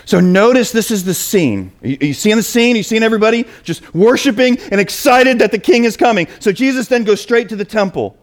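A man's voice: high-pitched, expressive, fairly quick, hardly any pauses. A man preaching a sermon and reading scripture, emphatic, often putting questions to his listeners. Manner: emphatic, asks the audience questions.

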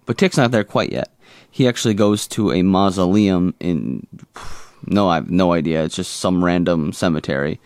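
A man's voice: deep voice, moderate pace, darkish tone, no room sound, studio quality. A man co-hosting a podcast, recapping a TV episode in casual chat with jokey, rambling asides. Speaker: podcast co-host.

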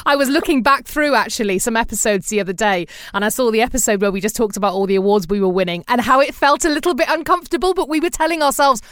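A British woman hosting a podcast, cheering her guest on with encouragement. Her voice is a bit high, and it sounds dry and close with no room around it. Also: fast, hardly any pauses, fairly bright tone, smooth, no echo. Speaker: podcast host. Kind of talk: casual interview chat.

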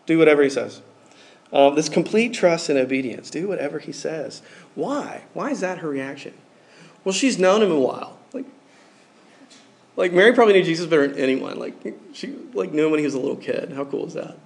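A man's voice: a little high, animated, a little fast, vocal fry. A man giving a casual, conversational sermon, talking informally with many fillers like "like" and "um".

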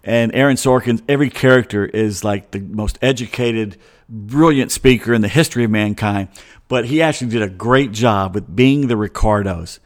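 A man's voice: on the low side, normal speed. A middle-aged man hosting a show, chatting in a loose, opinionated monologue full of digressions and chuckling asides. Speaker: host. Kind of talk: casual rambling monologue.

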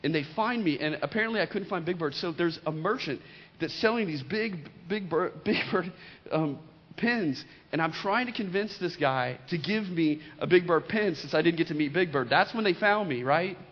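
A man's voice: fairly high pitch, animated, normal speed. A middle-aged man preaching a sermon as pastor, emphatic and repeating key lines, with joking storytelling asides. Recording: dull lo-fi recording in a reverberant hall.

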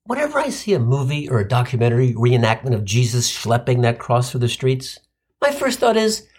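A man's voice: medium pitch, huge pitch swings, a little fast, a little mellow, husky. A wisecracking man delivers a comic monologue. His voice swings widely up and down as he lands sardonic punchlines. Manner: wisecracking, sardonic, full of Yiddish asides. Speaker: comedic storyteller.

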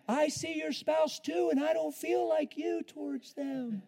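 A man preaching a sermon in an animated way, laughing often and swinging between loud, drawn-out lines and hushed ones. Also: very high-pitched, vocal fry.

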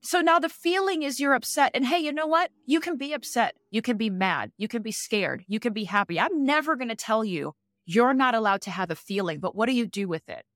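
A woman's voice: on the high side, animated, a little fast, fairly bright tone, no room sound, clean studio sound. A woman hosting a podcast about leadership, speaking in an earnest, affirming way. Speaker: podcast host. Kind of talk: podcast conversation.

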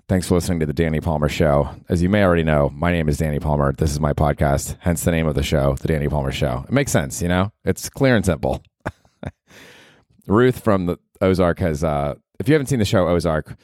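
A man in his forties hosting a comedy podcast from a small apartment, talking in a dry, deadpan, slightly sheepish way. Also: rumbling low, brisk, no echo. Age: 40s. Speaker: podcast host.

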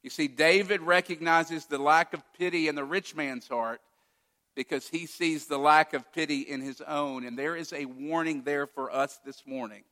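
Bright-voiced preacher man in a reverberant hall. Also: on the high side, steady tone, moderate pace. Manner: storytelling preacher, acting out quoted lines. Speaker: pastor. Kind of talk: sermon.

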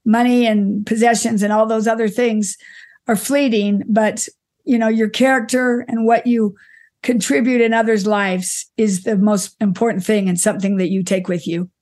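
A middle-aged woman, an interview guest, fondly telling stories about her father, often restarting her sentences and laughing softly. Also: medium pitch, level tone, moderate pace. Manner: warm reminiscing with frequent restarts and soft laughs. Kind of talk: conversational storytelling.

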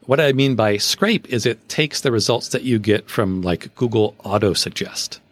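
A man with a fairly low voice hosts a casual podcast, explaining things step by step and offering frank opinions. The sound is dry and close to the mic. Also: animated, normal speed, no room sound. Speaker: SEO podcast host.

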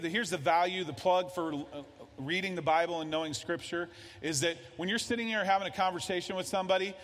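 A man preaching a conversational sermon, his voice sitting a touch high. He acts out short exchanges between people as he talks. The sound rings out with a long reverb, as in a church sanctuary. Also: a bit bright. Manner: conversational preaching, acting out dialogue. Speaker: pastor.

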